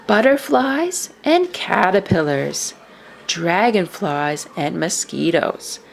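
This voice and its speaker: A woman reads a children's book aloud slowly and expressively. Her voice sits low with a slight gravel. Her pitch moves widely. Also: a little hiss or hum. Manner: slow, expressive. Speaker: storyteller.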